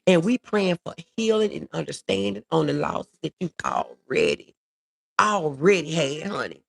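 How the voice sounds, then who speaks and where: Woman, middle-aged, gravelly voice, emotional livestream chat. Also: deep voice, very animated, normal speed. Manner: warm, reads viewer comments aloud, emotional. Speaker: livestream host.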